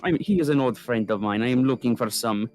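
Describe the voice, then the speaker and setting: A man's voice: mid-range voice, quick pace, a little mellow, lightly acted. A man playing a pompous noble lord who scolds his hired guide in a haughty manner, with faint music behind.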